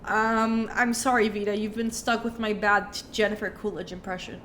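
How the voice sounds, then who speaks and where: A woman's voice: medium pitch, flat delivery, moderate pace, fairly bright tone, slight background noise. A woman streamer with a cold, chatting through a story game and thinking aloud with many fillers. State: has a cold. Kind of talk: casual game playthrough commentary.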